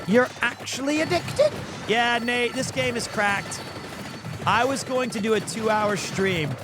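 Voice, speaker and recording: A man streaming a game in casual chat with a hoarse, partly lost voice. He rambles and talks excitably, and he pokes fun at himself. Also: high voice, unhurried. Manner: rambling, excitable, self-deprecating. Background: game music.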